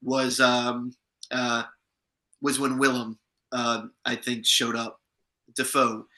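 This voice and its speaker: Man, actor guest, very bright tone, fairly flat delivery, chatty anecdotes. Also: medium pitch, slow, rough recording. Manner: chatty, anecdotal, many restarts. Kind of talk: casual interview storytelling.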